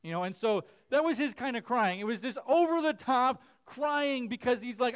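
A man's voice: extremely high pitch, normal speed, few pauses, clean tone. A man in his thirties preaching a sermon as a pastor, chatty with many fillers and restarts, acting out the voices in his stories. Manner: acts out his kids' and his own voices in quotes.

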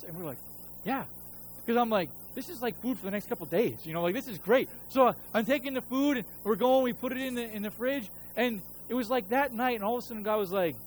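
Brisk and very high-pitched, with lively intonation, a pastor in his thirties delivers a sermon on poor audio with slight background noise. He tells a personal story in a relaxed, conversational way, dramatizing quoted voices of himself and God.

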